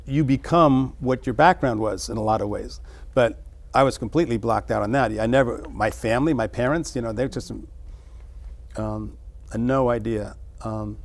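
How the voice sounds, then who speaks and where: A middle-aged man, an interview guest, musing over childhood memories in a halting way, with many restarts. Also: medium pitch. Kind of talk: reflective personal storytelling.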